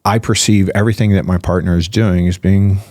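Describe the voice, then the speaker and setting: A low-pitched man talks through ideas in a relaxed podcast chat, firing off rhetorical questions and checking in with "right?" as he goes. His voice is recorded close and dry, with no room sound around it. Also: a little fast, dry recording. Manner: animated, piles up rhetorical questions and "right?" tags. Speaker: physician guest. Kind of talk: casual podcast explanation.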